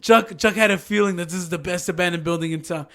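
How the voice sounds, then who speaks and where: A man's voice: high-pitched, fast talker. A young man hosting a podcast, telling a story in casual chat with lots of laughter and acted-out quotes. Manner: animated, laughing, acts out quoted voices. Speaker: podcast host.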